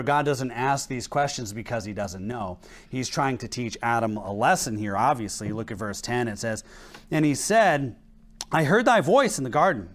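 Man preaching with rising emphasis. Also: mid-range voice. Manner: animated preaching, rising to emphatic peaks, reading scripture slowly. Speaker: pastor. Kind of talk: sermon. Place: church.

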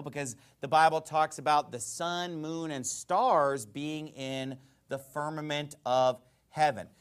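A man preaching a sermon in a conversational, emphatic way, asking rhetorical questions. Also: on the high side.

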